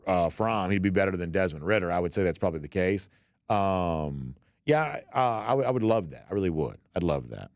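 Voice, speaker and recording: Low-voiced man in casual sports chat. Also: no room sound, clean studio sound. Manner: relaxed, rambling, many fillers and restarts. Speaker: podcast host. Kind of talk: casual sports talk, reading listener comments.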